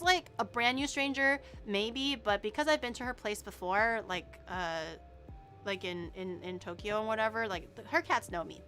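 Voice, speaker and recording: Animated young woman streamer, bright voice. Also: fairly high pitch. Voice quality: animated, swearing, trailing off into mumbles. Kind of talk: casual chat to stream viewers.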